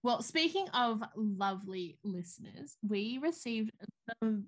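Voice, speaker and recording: A woman co-hosting a casual podcast, with a slightly high voice. She tells stories with energy and slips into the voices of the people she quotes. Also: unhurried. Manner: animated storytelling, acts out quoted voices. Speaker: podcast co-host. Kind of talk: casual chat.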